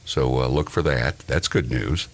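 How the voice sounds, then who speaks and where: A man's voice: extremely low pitch, unhurried. A man hosting a morning radio show, reading news items in a casual way and laughing often. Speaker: host.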